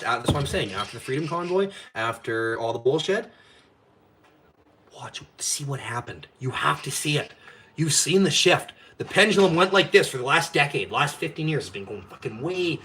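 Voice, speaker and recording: A man hosting a live stream rants while drinking, his voice on the high side, bright, and forceful. The rant is casual, heated, profane, and rambling.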